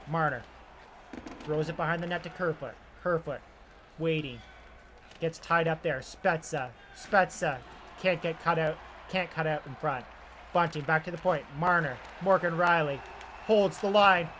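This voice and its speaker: A young man calls hockey action from his own video game, with a bright, slightly high voice that rises sharply when a shot goes in. Between plays he drops into relaxed, chatty asides. A faint hiss of noise sits behind him. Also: normal speed. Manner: excited and loud on shots and scoring chances, calmer asides between plays. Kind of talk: play-by-play commentary.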